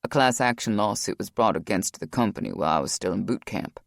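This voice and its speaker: A man voicing a grieving former Navy SEAL, deep and gravelly, telling his past in a low, weary way. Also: expressive, fast talker, no echo, clean studio sound. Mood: guarded, weary.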